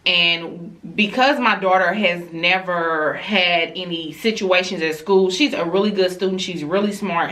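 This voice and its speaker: A woman telling a story from her family life in a casual story-time vlog, talking straight to her viewers. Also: low-quality recording. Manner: animated storyteller, jumping high when retelling her reactions; casual and conversational, addresses viewers directly.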